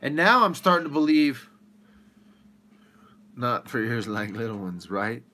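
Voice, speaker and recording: A man hosting a livestream, ranting with rhetorical questions in an animated way. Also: mid-range voice, measured pace, a little hiss or hum. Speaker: livestream host.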